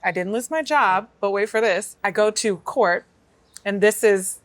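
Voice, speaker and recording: A woman as an interview guest, telling her story in an animated, emotional way and acting out the voices of people she quotes. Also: medium pitch, measured pace, no room sound.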